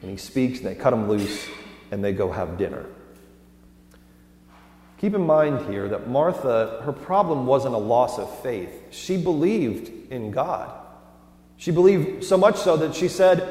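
A man's voice: medium pitch, very animated, measured pace, darkish tone. Earnest male pastor in an echoing hall. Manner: earnest, rises and falls in emphasis. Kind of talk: sermon. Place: church sanctuary. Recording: roomy hall with long reverb.

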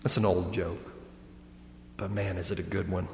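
A man, a pastor, preaching a sermon and telling jokes, going from loud to soft. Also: sits low, little pitch movement, normal speed, slight background noise. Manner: storytelling, swinging between loud and soft. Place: church sanctuary. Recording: echoey hall reverb.

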